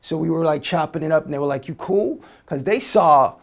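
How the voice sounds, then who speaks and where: A man telling stories in a relaxed, slangy way as an interview guest, with many fillers and restarts. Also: on the high side, fast, gravelly. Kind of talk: casual storytelling.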